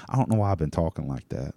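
A man's voice: rumbling low, mellow, no room sound. A man hosting a solo talk show, rambling in a loose, profane monologue full of restarts and fillers. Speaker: podcast host.

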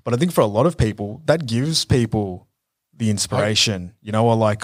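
A man, co-hosting a podcast, telling reflective stories in a relaxed way with lots of fillers. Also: on the low side, a little fast, no room sound, studio quality. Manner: reflective storytelling with many fillers. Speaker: podcast co-host. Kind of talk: casual conversational chat.

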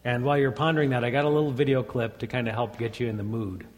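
A man's voice: mid-range voice, steady tone, quick pace. A man in his fifties, a pastor, reading scripture and then preaching in a plain, conversational way. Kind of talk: sermon. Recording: long reverb of a church hall.

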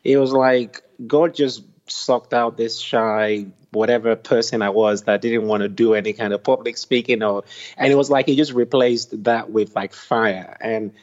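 A man, speaking at a middle pitch, recounts his spiritual experiences as an interview guest. He tells his story earnestly and with lively conviction. The audio is a little dull and lo-fi. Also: normal speed. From England. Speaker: interview guest, prayer ministry founder. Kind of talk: casual testimony in an interview.

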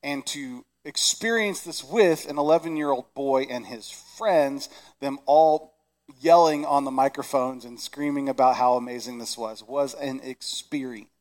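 A middle-aged man preaching a Christmas sermon, animated and shouting excited lines. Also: mid-range voice, a little slow. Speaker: pastor. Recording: long reverb of a large hall.

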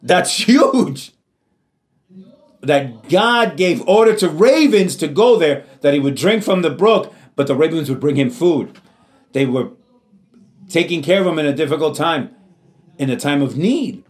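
A man's voice: fairly high pitch, expressive, measured pace, pauses often. Earnest man preaching a sermon. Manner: earnest, repeats phrases for emphasis, calls out amen. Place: church.

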